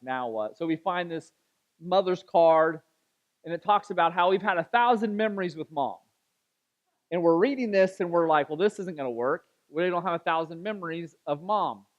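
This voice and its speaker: A man pastor telling a story in a sermon, chatty and animated, acting out the voices of the people in it. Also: a little high, dull audio. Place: church sanctuary.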